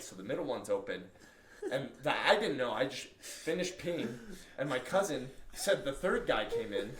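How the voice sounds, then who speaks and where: A young man tells a story on a casual podcast with a lively, swooping pitch and a bright, sharp tone. He acts out quotes in loud bursts. The room gives his voice a noticeable echo. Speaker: podcast co-host. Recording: roomy echo.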